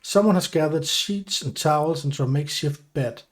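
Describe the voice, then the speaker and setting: A man's voice: a little high, moderate pace. A young man with a Danish accent reading game text aloud as a let's play host, correcting himself as he goes. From Denmark. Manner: careful reading with self-corrections.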